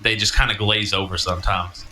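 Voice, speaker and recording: A man's voice: fairly low pitch, fairly even intonation, fairly quick, sharp tone. Laid-back man in an echoey room. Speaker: podcast host. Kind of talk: casual chat. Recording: roomy and noisy.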